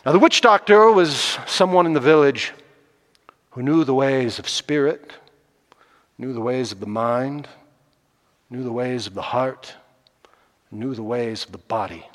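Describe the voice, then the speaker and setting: A man telling a folk tale, slow and deliberate, swinging from loud passages to hushed ones. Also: mid-range voice. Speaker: storyteller. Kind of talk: oral storytelling. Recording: long hall reverb.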